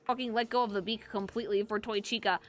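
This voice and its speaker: A woman streamer reacting to animations, excitable and crude, swearing freely. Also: medium pitch, quick pace, no room sound.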